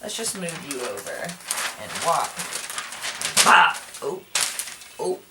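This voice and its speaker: Woman vlogger, unhurried self-mocking chatter, animated pitch. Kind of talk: casual chat while wrapping gifts. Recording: distant mic with background noise.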